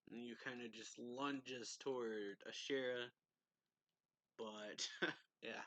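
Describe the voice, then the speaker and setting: A man talks through a manga chapter review at an unhurried pace, his voice bright and forward. He rambles loosely, chuckles between thoughts and leans on fillers. The sound is close and dry, with no room around it. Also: medium pitch, fairly even intonation, dry recording, poor audio. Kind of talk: casual spoken review, recapping the plot.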